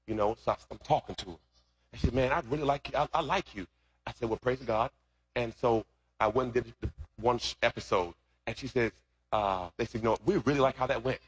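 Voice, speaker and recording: A man preaching a sermon as pastor, shifting from easy storytelling into loud, shouted preaching. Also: medium pitch, breathy edge.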